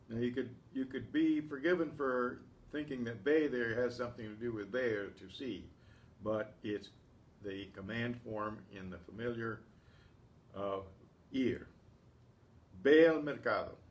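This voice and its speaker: A male Spanish teacher at a slow, patient pace, reading out examples and explaining them one by one. He often pauses to clear his throat. His voice sounds distant, as if the mic is set some way off. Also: mid-range voice. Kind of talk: language lesson. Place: classroom or community center room.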